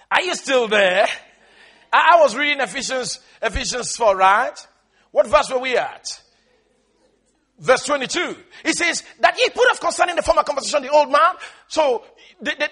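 High-voiced, husky male preacher. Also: fairly bright tone. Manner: emphatic, call-and-response, quotes scripture. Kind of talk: sermon.

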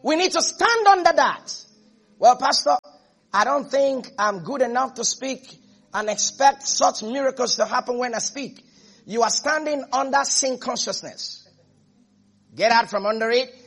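Husky-voiced preaching man, high-pitched. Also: lively intonation, measured pace. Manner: preaching with rising shouts and hushed stretches. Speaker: pastor. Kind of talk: sermon.

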